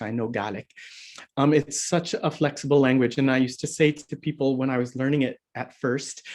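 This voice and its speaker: A man's voice: medium pitch, a little mellow. A man teaching a harp lesson over a video call, chatty and laughing often as he explains. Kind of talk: online workshop lesson.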